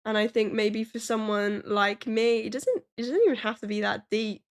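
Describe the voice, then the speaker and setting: A young woman guesting on a podcast, thinking aloud in a reflective, hesitant way and leaning on fillers. Her voice sits a little higher than most women's. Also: moderate pace. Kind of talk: casual podcast chat.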